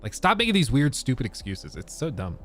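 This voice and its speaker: A man's voice: mid-range voice, brisk. A man hosting a casual livestream, ranting about games and answering chat. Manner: ranting, animated, reads chat aloud. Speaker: livestream host. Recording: faint music behind.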